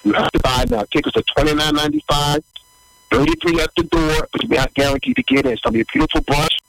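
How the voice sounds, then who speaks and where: Animated, gravelly-voiced middle-aged male pastor. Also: extremely high pitch, fast talker, no room sound, poor audio. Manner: animated, repetitive emphatic preaching. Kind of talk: livestreamed sermon with announcements.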